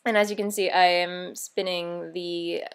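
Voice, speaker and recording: A woman's voice: lowish voice, measured pace, smooth. A woman hosting a knitting video podcast, chatting casually and bubbly, rambling with fillers and self-corrections. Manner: bubbly and easily excited. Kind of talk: casual show-and-tell vlog.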